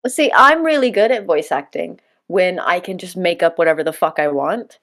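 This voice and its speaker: A woman hosting a gaming podcast in casual chat, her voice sitting a little low. She jokes, swears freely and laughs often as she leads the talk. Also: animated, normal speed, fairly bright tone. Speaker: podcast host.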